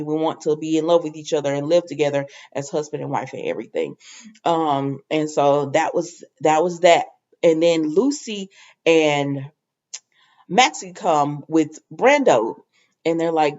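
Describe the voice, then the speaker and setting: A woman's voice: fairly low pitch, a little mellow. A woman giving a casual, rambling spoken recap. She acts out the quotes in a raised voice. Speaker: recap vlogger. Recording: dull lo-fi recording.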